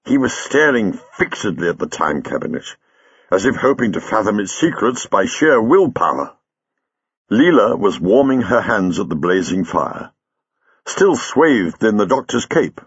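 A man reading a story aloud in a measured storytelling manner. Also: fairly low pitch, big pitch swings, husky, no echo, dull audio. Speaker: audiobook reader. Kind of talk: scripted narration.

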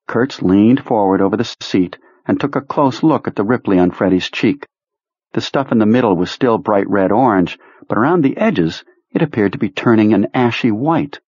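A man reading an audiobook in a measured, even narration voice. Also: fairly low pitch, breathy edge, dry recording, muffled recording.

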